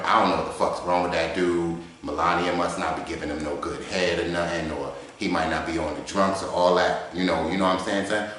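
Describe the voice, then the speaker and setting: A man's voice: deep voice, a bit bright. A man voicing a swaggering, profane male debater who talks in heavy street slang, recorded in a garage. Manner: heavy street slang, constant swearing, cocky. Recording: echoey garage.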